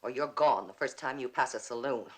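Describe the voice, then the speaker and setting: A woman's voice: a bass voice, fairly quick. An actress playing a bitter, wry middle-aged woman who mocks herself with dry theatrical wit. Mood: sardonic. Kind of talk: stage play performance.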